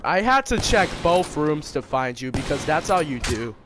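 A man's voice: on the high side, sing-song, moderate pace, background noise. A man trash-talking an opponent over online game chat, mocking and insulting. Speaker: online gamer.

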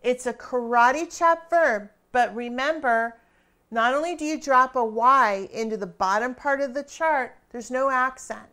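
A woman walks students through a grammar drill in an unhurried, deliberate way, asking a question and then pausing to let them think. Her voice sits a little higher than most. She is encouraging and keeps checking in with them. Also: sharp tone. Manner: encouraging, quizzing students with pauses and rhetorical questions. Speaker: Spanish teacher. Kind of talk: classroom grammar lesson.

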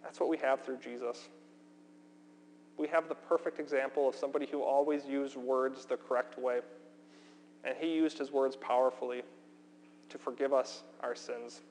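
A man preaching a sermon as pastor, earnest and emphatic, slowing down with deliberate pauses for weight. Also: medium pitch, steady tone, a little mellow. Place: church sanctuary. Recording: long hall reverb, faint hum.

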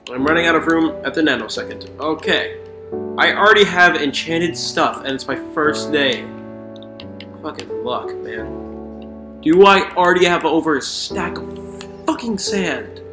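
A man giving excitable let's play commentary while gaming, swearing and talking to the creatures in the game. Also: fairly high pitch, a little slow. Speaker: gamer. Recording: roomy echo with faint music.

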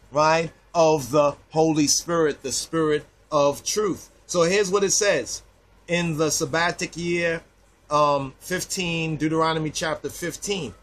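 Preaching man with a fairly high voice. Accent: Rastafari "I and I" speech. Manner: reads verses aloud, frequent "right?" tags. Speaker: Rastafari preacher. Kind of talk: scripture teaching sermon.

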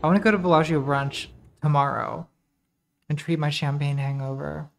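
A woman's voice: low voice, fairly even intonation, moderate pace, vocal fry, slight background noise. A woman streamer giving casual, rambling commentary while playing a game, distracted and swearing as she talks to herself.

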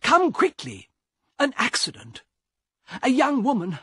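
An actor voicing a frightened traveller in a storybook reading, speaking in a raised, shaken, stammering voice. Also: male voice, extremely high pitch, huge pitch swings, a little slow, sharp tone, breathy edge, no echo, studio quality, pitched above the performer's own voice, full character voice. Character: nervous, frightened middle-aged male traveller.

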